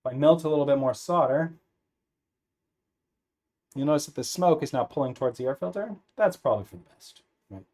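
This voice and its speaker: A man's voice: on the high side, brisk, pauses often. Man casually demonstrating at a workbench. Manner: relaxed, thinking aloud, frequent "right?" checks. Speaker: instructor. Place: workbench with an air filter running.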